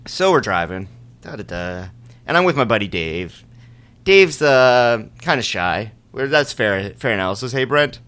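A man with a bright, forward voice spins a loose story among friends. He rambles, laughs along and scatters "like" through his casual chat. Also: mid-range voice, sing-song, normal speed. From Winnipeg. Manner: rambling, laughing, many "like" fillers. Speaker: storyteller on a podcast.

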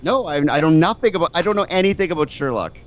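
A man in casual chat who laughs often and talks in an animated way. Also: a little high, quick pace, a crowd in the background.

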